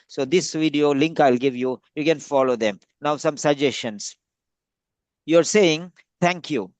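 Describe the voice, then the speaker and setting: Male tutor, patient and explanatory, voice a touch high and dry. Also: no room sound. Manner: patient, repetitive, explanatory with frequent fillers. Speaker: speaking-test tutor. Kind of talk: giving feedback in a practice session.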